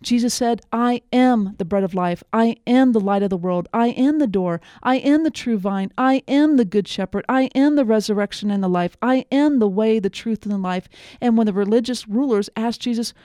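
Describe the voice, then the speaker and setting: A woman preaching a devotional sermon, earnest and emphatic, slowing down on key phrases. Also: on the high side, mellow, no room sound, clean studio sound.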